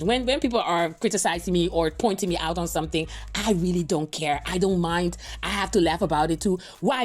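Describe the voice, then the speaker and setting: A woman's voice: lowish voice, a little mellow. A woman from the Dutch Caribbean whose first language is Papiamento, chatting casually to viewers as a reaction host and often checking that they understand. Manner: chatty, rambling, asks "you understand?" often.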